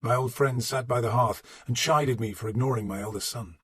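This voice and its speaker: A man narrating an audiobook in a measured, steady storytelling manner. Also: mid-range voice, breathy edge, dry recording. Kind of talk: scripted narration.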